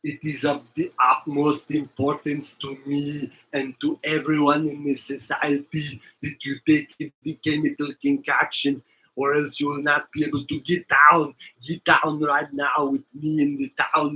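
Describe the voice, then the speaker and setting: A bright, forceful voice booms out slow, emphatic declarations. It belongs to an older action-movie muscleman, as a man puts him on in a comic impression, with the pitch pushed a little high. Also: monotone, poor audio. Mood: mock-serious. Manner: slow, emphatic, repetitive pronouncements.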